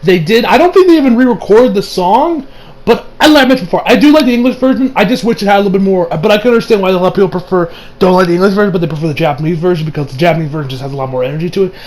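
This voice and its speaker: A young man casually reviewing an anime episode, excitable and profane, laughing often. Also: high-pitched, racing.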